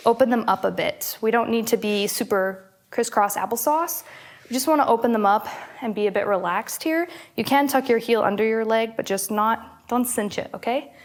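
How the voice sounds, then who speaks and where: A young woman, a health coach, guiding listeners through a calming movement exercise, encouraging, laughing often and exhaling between cues. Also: a little high. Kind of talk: guided movement instruction.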